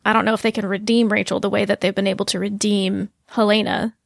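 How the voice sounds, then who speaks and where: A woman co-hosting a podcast in casual chat, animated and quick to laugh. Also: mid-range voice, gravelly, dry recording, clean studio sound. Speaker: podcast co-host.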